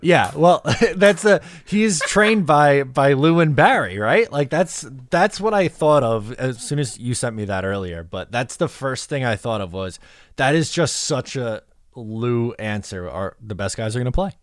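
A man co-hosting a casual hockey podcast, reacting quickly in a relaxed way. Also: mid-range voice, dry recording. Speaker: podcast co-host.

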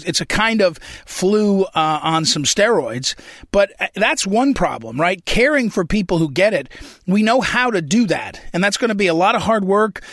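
Male commentary host, slightly high voice, conversational with hesitations, dry recording. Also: fairly bright tone, dry recording. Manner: conversational, many ums and restarts, clears throat. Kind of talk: unscripted political commentary.

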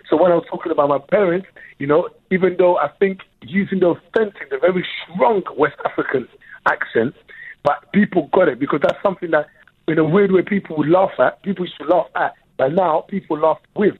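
Husky comedian telling animated stories. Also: male voice, a little high, brisk, dry recording, narrow, tinny audio. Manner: animated, acts out voices, laughs often. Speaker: comedian guest. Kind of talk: casual interview storytelling.

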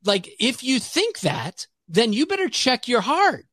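A man's voice: extremely high pitch, big pitch swings, unhurried, bright, forceful tone, no room sound, clean studio sound. A man talking as a podcast guest, preacher-like and emphatic, repeating phrases for rhythm as he builds a motivational faith message.

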